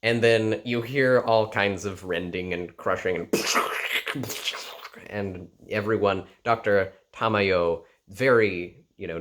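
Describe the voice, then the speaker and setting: A man with a lowish voice recaps an anime episode in a casual, animated way. He leans on "like" and "you know" as he talks through the plot. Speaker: anime reviewer.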